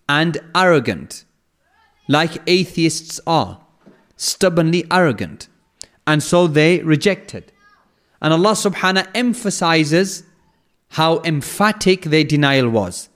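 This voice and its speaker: A man giving an explanatory religious lecture, speaking in a measured way, repeating phrases for emphasis and reciting verses in Arabic. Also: fairly high pitch, big pitch swings, a bit bright. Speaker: Quran lecturer.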